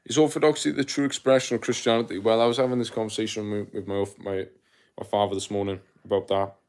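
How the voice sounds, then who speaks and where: A man's voice: lowish voice, fast, clean tone. A young man from South Wales with a South Welsh accent, chatting casually on a live stream, reading out viewer comments and answering them with slang. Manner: relaxed, chatty, uses slang like mate and my guy. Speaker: livestreamer.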